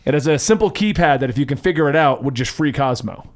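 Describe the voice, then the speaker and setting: A man's voice: mid-range voice, lively intonation, quick pace. A man narrating and running a tabletop game as game master.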